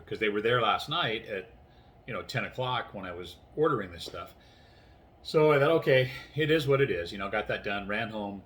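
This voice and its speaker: Tired man, 60s, rambling vlog chat at home, fairly low-pitched, faint hiss behind. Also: bright, forceful tone. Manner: rambling, acts out conversations. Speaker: vlogger. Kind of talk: casual chatty storytelling. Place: inside his house, doors closed.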